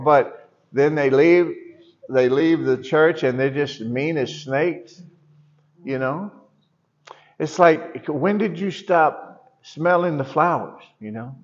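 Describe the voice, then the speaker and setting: A man's voice: on the high side, dull audio. A middle-aged man preaching in church, telling a long personal story with many restarts and asides. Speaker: pastor. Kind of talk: sermon.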